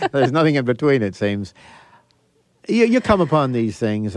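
An older man, a magician and escape artist, telling lively stories as a guest in an interview and acting out the voices of people he quotes. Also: mid-range voice, no echo. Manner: animated, theatrical storyteller acting out quotes. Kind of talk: interview, storytelling.

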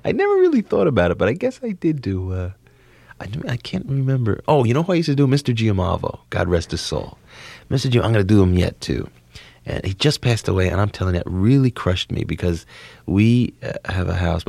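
A young comedian from New Jersey chats in an interview, tripping over restarts and spilling stories. His voice sits low with a gravelly edge. The recording is dry and close. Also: fairly quick, dry recording. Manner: rambling, excitable, lots of laughs and restarts. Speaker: comedian guest. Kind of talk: casual interview chat.

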